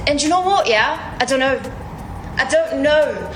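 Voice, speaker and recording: A woman's voice: sits high, moderate pace, echoey room, slight background noise. A woman whose first language is not English, with a Slavic accent that drifts between others, talking playfully to camera in a social media clip. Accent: Slavic, shifting between several accents. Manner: playful, animated and self-mocking.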